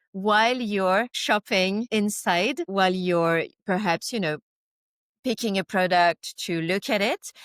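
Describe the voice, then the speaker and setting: A woman in her forties, a native French speaker, is a podcast guest explaining her subject through vivid, concrete scenarios in interview-style talk. Her voice is medium-pitched, with no echo.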